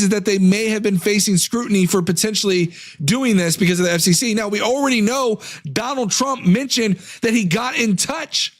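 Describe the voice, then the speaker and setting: High-voiced man ranting on a live stream. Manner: reads statements aloud, then rants against them. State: losing his voice from illness. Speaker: political commentary streamer. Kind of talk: casual live-stream commentary.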